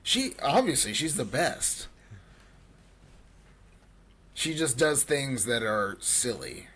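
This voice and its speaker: A man's voice: mid-range voice, animated, fairly bright tone, breathy edge. A man co-hosting a podcast over a video call, talking in a hesitant way and trailing off. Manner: slow, hesitant talker who trails off. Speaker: podcast co-host. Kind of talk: casual chat.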